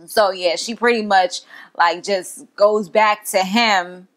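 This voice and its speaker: Young woman doing a laid-back tv recap, slangy and chatty, mid-pitched voice. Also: fairly even intonation, slow pace, fairly bright tone. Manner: chatty, slangy, laughs while retelling. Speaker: TV show reviewer. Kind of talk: casual episode recap.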